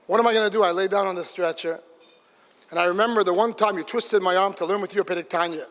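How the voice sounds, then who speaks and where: A man telling an animated story at a religious gathering, acting out the dialogue of the people in it. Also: high voice, fast. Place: large hall. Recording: live hall with long reverb.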